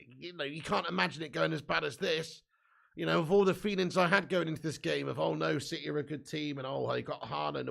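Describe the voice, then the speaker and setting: With a slightly bright, higher-side voice and vocal fry, a young man runs a live football watch-along. He reads out viewer comments and vents bluntly over his team's heavy defeat, cursing in frustrated fan banter.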